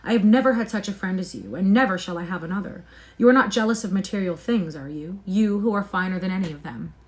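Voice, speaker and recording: A woman's voice: mid-range voice, fast, a little mellow, lightly acted. A woman reading aloud, voicing an earnest, wounded older male painter who pleads emphatically. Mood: pleading.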